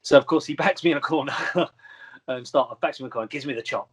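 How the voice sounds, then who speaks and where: A man's voice: medium pitch, fast talker, slightly rough. A man in his thirties, a wrestler guest telling stories in a rambling, filler-heavy way and laughing at his own stories. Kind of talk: casual storytelling chat.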